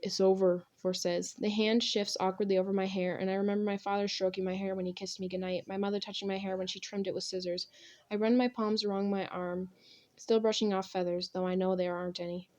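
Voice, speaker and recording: A woman's voice: medium pitch, quick pace. Young woman doing audiobook narration, first person, really dramatic and intense. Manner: expressive, intense dramatic reading.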